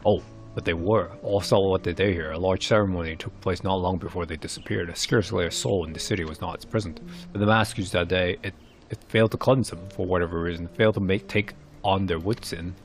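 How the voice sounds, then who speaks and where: A man doing a grave, deep-voiced elder. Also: fairly even intonation, brisk, faint music behind. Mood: solemn. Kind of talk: narrated game cutscene reading.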